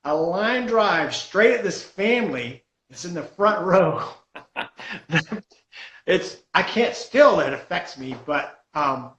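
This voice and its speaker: A man, a stunt comedian, telling a story in a lively, self-mocking way on a podcast. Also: high voice, echoey room, poor audio. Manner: animated storyteller, laughs at himself. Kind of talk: casual storytelling on a podcast call.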